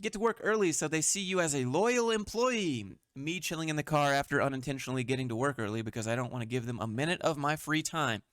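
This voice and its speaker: A man's voice: a little high, fast talker, hardly any pauses, a bit bright, no room sound, clean studio sound. A man hosting a commentary show, reading memes aloud and mocking them bluntly, swearing often. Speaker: host. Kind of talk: sarcastic meme commentary.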